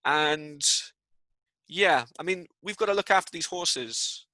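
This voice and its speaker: A man voicing frightened soldiers who refuse to fight, high-pitched and apologetic. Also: takes it slowly, bright, forceful tone, no echo. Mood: nervous.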